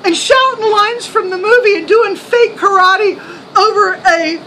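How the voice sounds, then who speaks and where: Middle-aged woman vlogger, very high bright voice, animated motherly storytelling. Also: measured pace, slight background noise, low-quality recording. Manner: animated retelling, soothing and motherly with her son. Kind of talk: casual storytelling.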